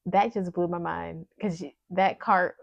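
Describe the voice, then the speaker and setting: A woman who runs a small business, talking casually and emotionally to her vlog audience, sometimes teary and soft. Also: lowish voice, steady tone, takes it slowly, gravelly, no room sound. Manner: emotional, teary, talks softly at times. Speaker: small business owner vlogger. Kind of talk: casual vlog talk to camera.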